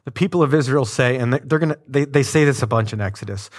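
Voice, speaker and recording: A pastor with a husky, medium-pitched voice preaches at a normal speed. His sermon is conversational and animated, sprinkled with casual asides to the congregation.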